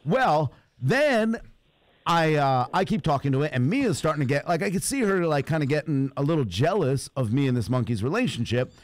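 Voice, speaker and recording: A man hosting a radio stream tells a funny story with a lively voice that swings up and down, laughing as he goes. He sits close to a studio mic in a dry, dead room. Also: on the high side, normal speed, dry recording. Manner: animated storyteller, laughs often, puts on cooing baby talk to a toy. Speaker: radio show host. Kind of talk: casual comedic storytelling.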